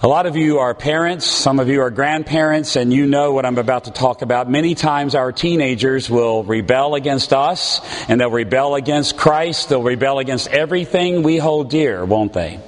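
A man preaching a sermon as a pastor, with a slow, earnest, pleading delivery and dramatic pauses. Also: mid-range voice, in a large hall.

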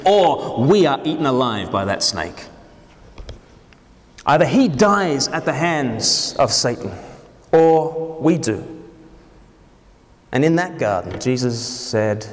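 A man's voice: a little high, in a large hall. A man preaching a sermon, joking and putting questions to his congregation.

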